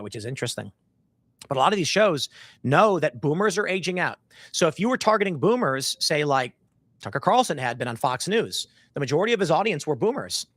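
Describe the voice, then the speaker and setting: A man's voice: on the high side, a bit bright, no room sound, clean studio sound. A man in his thirties hosting a livestream, rambling casually and reading chat aloud with joking mock voices. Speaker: livestream host.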